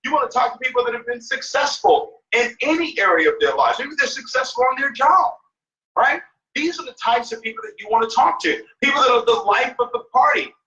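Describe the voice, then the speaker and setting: A man serving as a network marketing mentor speaks in a very high, sharp voice, expressive and a little fast. On this mentorship call, heard via phone or conference line with dull, echoey, distant audio, he coaches emphatically and repetitively, often adding "right?".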